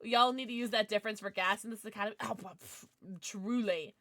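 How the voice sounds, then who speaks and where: A woman's voice: medium pitch, steady tone, a little fast, a bit bright, no echo. A young adult woman streaming live and chatting with her viewers, bubbly and giggly, with lots of "like". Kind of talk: casual livestream chat, reading chat.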